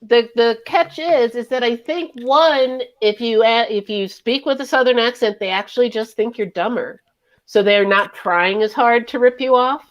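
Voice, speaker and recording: A woman on a podcast panel, telling an animated story in casual conversation. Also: on the high side, normal speed, muffled recording.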